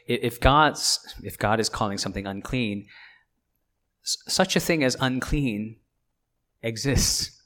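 A man's voice: medium pitch, takes it slowly, pauses often, fairly bright tone. A man, a pastor, preaching a sermon in a conversational way, often checking in with the listeners by asking "right?" and restarting his phrases.

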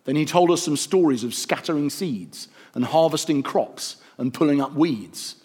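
A man narrating a rhyming story in a gentle, rhythmic storytelling manner. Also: on the high side, lively intonation, moderate pace, breathy edge.

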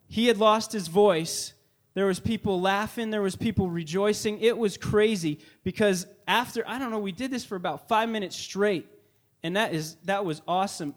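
A young man leading worship in church, welcoming the congregation and telling an earnest, excited story with frequent restarts. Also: high voice. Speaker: worship leader. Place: church sanctuary.

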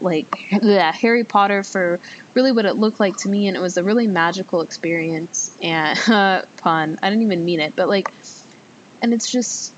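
A young adult woman hosting a casual solo podcast, chatty and rambling, with lots of filler words. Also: muffled recording. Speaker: podcast host. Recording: loud recording with faint rumble.

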